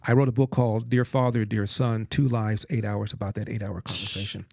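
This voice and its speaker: A man's voice: lowish voice, fairly even intonation, brisk, creaky, background noise. A man in his sixties, a guest in a conversation, telling a personal story in an earnest, emphatic way and acting out the quotes. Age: 60s.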